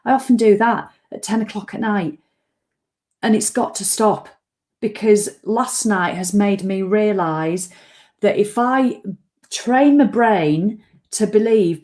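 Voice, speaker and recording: Woman vlogger, mid-pitched voice, rambling and emotional, acts out her anxious inner thoughts. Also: darkish tone. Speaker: online business owner and vlogger. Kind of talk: casual reflective talk to camera.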